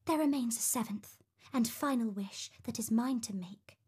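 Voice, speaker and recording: Wise female fairy, read by a woman: hushed, solemn, slips into whispers, storybook reading. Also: on the high side, moderate pace, husky. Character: gentle wise female fairy granting a wish.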